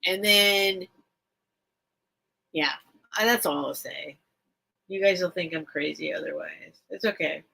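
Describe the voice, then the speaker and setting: A woman's voice: on the low side, unhurried, gravelly, pauses often, bright, forceful tone. A woman hosting a live stream, chatting casually and emotionally with viewers, rambling and repeating herself. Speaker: live-stream seller and host.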